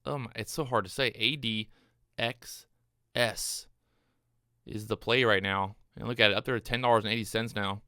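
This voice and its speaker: A man giving live day-trading commentary to his viewers, excitable and out of breath, repeating his phrases as he watches the charts. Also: fairly low pitch, normal speed, clear, resonant tone, no room sound, clean studio sound. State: out of breath, hyped up. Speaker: day trader streaming his trades.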